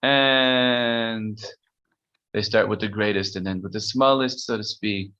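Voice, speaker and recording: A man's voice: fairly low pitch, fairly even intonation, takes it slowly, sharp tone, dull audio. A man teaching a casual text-study class, reading Hebrew passages aloud and explaining them conversationally. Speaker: Torah teacher.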